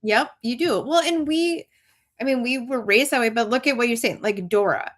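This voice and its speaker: A middle-aged woman, a teacher hosting a casual chat, animated and laughing often. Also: on the high side, moderate pace. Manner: animated, laughing, acts out kids' voices. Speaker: host, teacher.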